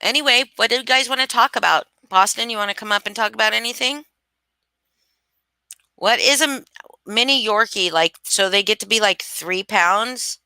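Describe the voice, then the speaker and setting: A woman's voice: fairly high pitch, normal speed, pushed and bright, smooth, dry recording. A woman hosting a casual live stream, gushing and swearing freely as she chats with viewers. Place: home.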